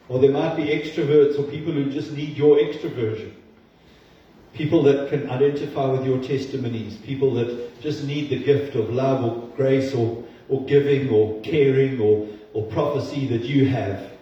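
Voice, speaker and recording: Speaking at normal speed with a dark, medium-pitched voice, a male pastor gives an earnest, conversational sermon sprinkled with self-deprecating asides. It was captured from a distance in a church sanctuary, sounding roomy and dull.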